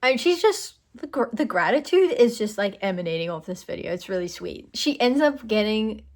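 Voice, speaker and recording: A woman's voice: mid-range voice, very animated, moderate pace. A woman hosting a book channel, narrating clips in a loose, chatty commentary with casual fillers.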